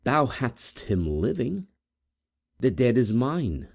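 A man's voice: mid-range voice, big pitch swings, takes it slowly, a little mellow, voice pushed up, heavily acted. A man voicing a proud, stately young woman who speaks haughtily in an audiobook reading. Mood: haughty, cold.

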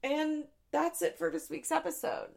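A young adult woman hosting a podcast, recapping in a chatty, profane, casual way with quick asides into a studio mic. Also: sits high, huge pitch swings, gravelly, a little mellow. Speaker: podcast host.

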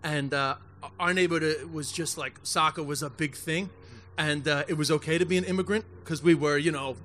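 A comedian telling stories live to a crowd on a rooftop, animated and joking. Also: male voice, fairly high pitch, brisk, slight background noise. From United States. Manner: animated, joking, acts out quotes. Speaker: comedian guest. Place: outdoor rooftop bar before a crowd.

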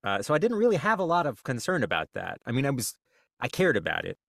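A man chatting as a podcast guest author, relaxed and self-deprecating with a joking manner. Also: medium pitch, fast talker, gravelly, no echo, studio quality. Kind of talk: casual interview chat.

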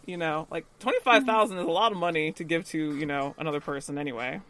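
A man co-hosting a podcast and recapping an episode in casual chat. He is animated, laughs often and acts out the characters' lines. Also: on the high side, fast talker.

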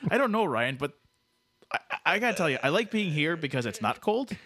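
A man's voice: fairly high pitch, big pitch swings, fairly quick, a bit bright. A man co-hosting a podcast, joking and teasing as he runs a quiz game. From Canada. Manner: joking, playful, teasing with silly voices. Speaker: podcast co-host. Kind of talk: casual chat, quiz game.

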